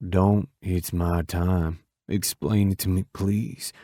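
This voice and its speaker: A man voicing a dying older man, talking weakly and slowly with a drawl. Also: deep voice, fairly even intonation, mellow, no room sound, studio quality. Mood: fading. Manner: weak, slow, drawling. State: weak and fading. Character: dying older man, fearful yet resigned.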